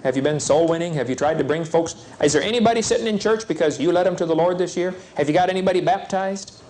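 A man's voice: fairly high pitch, fast, darkish tone, slight background noise. A man preaching to young people at a seminar, folksy and urgent, acting out little scenes as he talks. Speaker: evangelist speaker.

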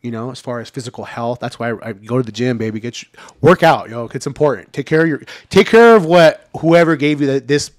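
A man's voice: medium pitch, fairly quick, hardly any pauses, dry recording, clean studio sound. A man in his thirties talking candidly on a podcast, laid-back, with lots of fillers and the odd curse word. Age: 30s. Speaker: podcast regular. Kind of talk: casual podcast chat.

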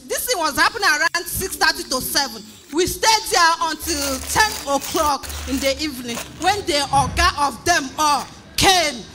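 A woman with a Nigerian accent giving an emotional testimony in church, animated, repeating phrases, often crying out and laughing. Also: sits high.

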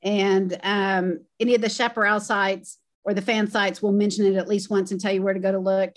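A woman's voice: mid-range voice, level tone, a little fast. A middle-aged woman, a fan guest, casually sharing memories in a reminiscing way on a video call. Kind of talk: casual remembrance chat.

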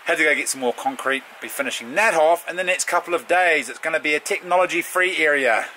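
Man, new zealand accent, middle-aged, blunt and laid-back, bright tone, faint background noise. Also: fairly high pitch, fast talker. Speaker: vlogger and bush guide. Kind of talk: casual vlog storytelling.

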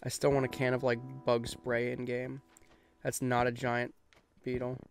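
A young man hosting a let's play, chatting casually and getting quickly frustrated, mocking himself as he goes. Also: medium pitch, completely flat delivery, soft background music. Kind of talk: casual gameplay commentary.

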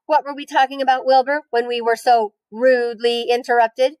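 A wise, motherly spider as a woman reads her aloud, talking in a steady, soothing way with a firm edge when she scolds. The voice sits a little higher than the reader's own, in a dry, close storybook reading. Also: moderate pace, no room sound, lightly acted, low-quality recording. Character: calm wise female barn spider.

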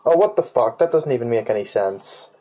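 A man's voice: mid-range voice, lively intonation, fairly quick, mellow, low-quality recording. A man giving casual gaming commentary while he plays, rambling, swearing freely and humming nonsense tunes. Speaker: let's play gamer.

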